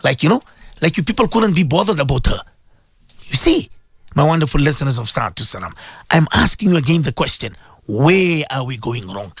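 A man's voice: fairly high pitch, sing-song, a little fast, breathy edge, dry recording. A man, a cleric hosting a radio show, speaks with emotion and keeps repeating rhetorical questions to his listeners. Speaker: radio host and Muslim cleric. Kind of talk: impassioned radio talk.

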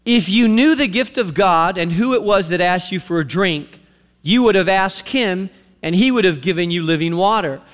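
A male preacher reading the words of a calm, patient Jesus in a measured way, in a large reverberant hall. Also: high voice, close to an everyday voice.

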